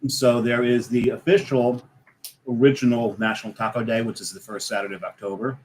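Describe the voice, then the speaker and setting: Male co-host with an average pitch, casual and explanatory, with a faint hum behind him. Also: flat delivery, fairly quick, darkish tone, low-quality recording. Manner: explains things at length, methodical. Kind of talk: casual chat.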